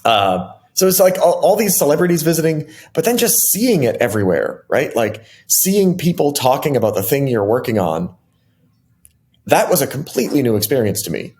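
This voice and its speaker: A middle-aged man, a software engineer guest in an interview, telling stories casually and animatedly with many fillers and restarts. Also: mid-range voice, big pitch swings, moderate pace. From United States.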